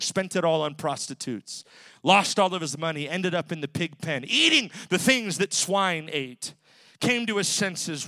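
A male pastor preaching a sermon in a church, swinging rhythmically from loud to hushed. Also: on the high side, no room sound, studio quality. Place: church sanctuary.

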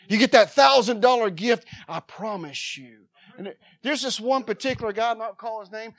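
A woman preaching a sermon with fervor, swinging between loud shouts and quiet asides. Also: fairly high pitch, brisk, no echo.

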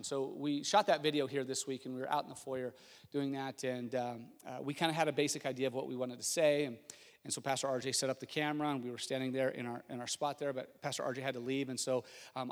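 A middle-aged man preaching a sermon as a pastor, telling a story in an animated way and acting out what people said. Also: medium pitch. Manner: storytelling, animated, acts out quotes. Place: church sanctuary. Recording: long reverb of a large hall.

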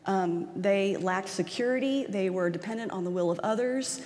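A woman giving a conversational sermon, animated and chatty, acting out quoted voices and laughing easily. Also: medium pitch, normal speed. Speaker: preacher. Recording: church hall reverb.

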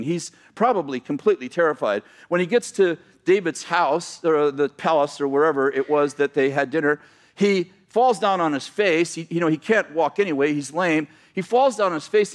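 A middle-aged man from the United States preaching a sermon in a church, telling a story and acting out the people in it, with self-deprecating humor. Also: a little high. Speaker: pastor.

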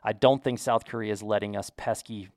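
Speaking briskly in a steady, lowish tone, this American man from the United States chats enthusiastically to camera in a casual vlog, telling his viewers a story. The studio-quality recording is dry.

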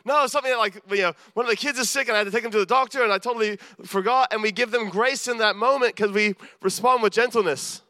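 A preacher gives an earnest, self-deprecating sermon, acting out the people he quotes. His voice is high for a man, with a sharp tone, and he talks fast with few pauses. The recording is dry and close, without any room echo.

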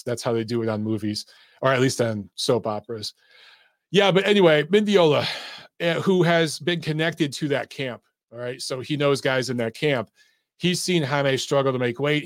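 A man's voice: medium pitch, moderate pace, dry recording, studio quality. A man hosting a casual livestream about boxing and his acting past, rambling loosely, swearing and laughing often. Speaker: boxing show host. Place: Atlanta.

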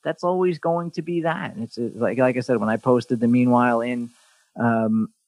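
On his podcast, a man tells stories in a blunt, foul-mouthed, animated way, peppering the casual chat with sarcastic jabs. He speaks at moderate speed in a medium pitch, captured in a dry recording.

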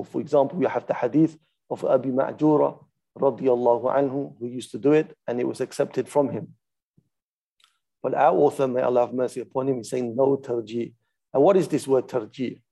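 A man's voice: mid-range voice, creaky, mellow. A man teaching a lesson on a classical religious text, methodical and patient, stopping to demonstrate how each phrase is recited. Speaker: Islamic studies teacher.

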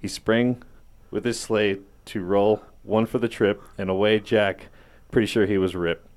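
A low-pitched man reading a rhyming holiday parody poem on a podcast. His delivery is casual and hesitant, with stumbles and restarts, and he pokes fun at himself. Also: fairly even intonation, a little slow. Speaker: podcast co-host.

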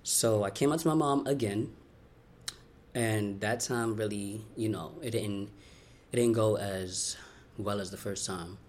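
A young man from Brooklyn tells his story in an interview. His voice sits on the low side and he speaks candidly, in quick, heartfelt runs full of "you know" and "like." A faint hiss of noise runs under the recording. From Brooklyn, New York. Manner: candid, fast-flowing, heartfelt, many "you know" and "like" fillers.

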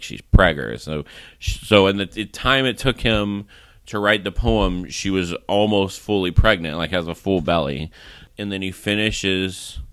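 A man's voice: low voice, a bit bright, clean tone, no room sound. A man hosting a casual movie review podcast, recapping the plot in a rambling way with lots of "like" and laughs. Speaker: podcast host.

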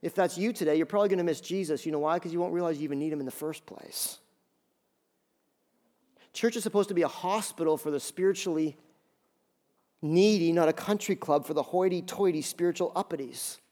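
Male pastor, higher register, emphatic sermon delivery, acts out quoted lines. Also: brisk, darkish tone. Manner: emphatic preaching with repeated phrases.

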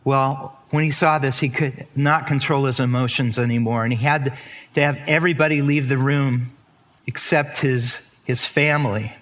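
A man preaching a sermon, acting out scripture quotes with sudden rises and soft drops. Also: steady tone, normal speed. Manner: dramatic, acts out quotes with rising pitch and stretched words. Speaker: pastor.

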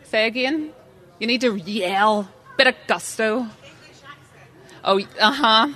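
A woman's voice: fairly high pitch, takes it slowly, pushed and bright. A woman giving an interactive live seminar talk, chatty and self-deprecating, putting questions to the audience. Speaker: seminar speaker.

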